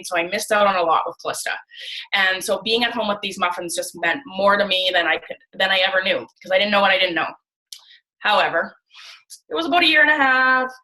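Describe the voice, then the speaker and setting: A woman in her thirties from Canada, telling her story in a casual, animated way on a video call and acting out the dialogue she quotes. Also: medium pitch, poor audio. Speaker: guest speaker on a training call.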